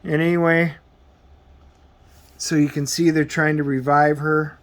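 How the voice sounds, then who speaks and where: A man giving a casual comic book review as he flips through the pages, rambling and halting with plenty of filler words. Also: fairly high pitch, level tone. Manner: rambling, halting, full of um and you know.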